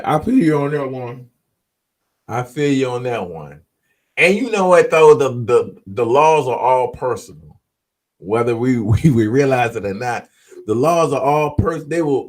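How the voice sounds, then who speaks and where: A man hosting a podcast, relaxed and easygoing, using a lot of street slang. He talks back to his commenters as he goes and wraps up with an upbeat pep talk. His voice sits at an ordinary middle pitch. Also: moderate pace. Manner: laid-back, slangy, chatting with live commenters. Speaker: podcast host. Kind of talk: casual talk to viewers.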